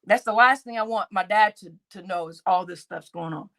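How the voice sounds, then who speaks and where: A woman's voice: mid-range voice, brisk, bright, forceful tone. A middle-aged woman chatting on a live stream, reading out chat names, laughing often and swearing freely.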